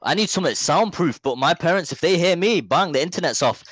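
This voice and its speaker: Young man, podcast guest, slangy and animated, close dry mic. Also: fairly high pitch, quick pace, breathy edge, no echo. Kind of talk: casual chat.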